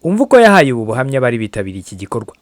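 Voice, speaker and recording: A man narrates a radio news report, reading from a script at a quick clip. The recording is dry and close, with no room sound around his voice. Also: mid-range voice, sing-song, no echo.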